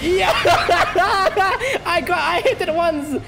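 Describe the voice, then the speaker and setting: A streamer giving excitable live gameplay commentary, full of trash talk, laughter, repeated taunts and non-native English grammar. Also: very high-pitched, extremely slow, gravelly, music in the background. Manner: taunting, repeats short phrases.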